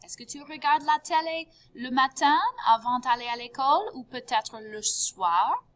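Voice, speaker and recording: A woman teaching a recorded French lesson, upbeat and drilling each word with sharp rising repeats. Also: sits high, lively intonation, moderate pace.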